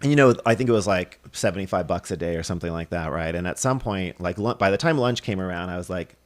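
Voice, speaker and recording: A film director and assistant director guests on a podcast, speaking fast in a low-pitched voice. He tells stories casually and with animation, acting out quoted dialogue and laughing as he goes.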